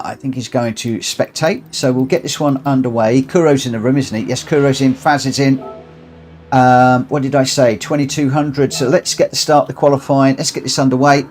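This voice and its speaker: Some hiss or hum underlies this man's medium-pitched voice. He's hosting a live race stream in his room at home, breathless, sociable and reading results aloud as he chats.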